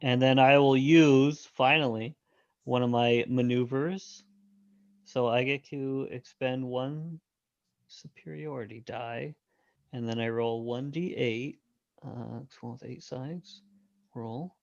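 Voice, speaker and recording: Slow-talking player on a dull, dry mic. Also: mid-range voice, steady tone, darkish tone, no room sound. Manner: measured, explains rules step by step. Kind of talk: casual game-table talk.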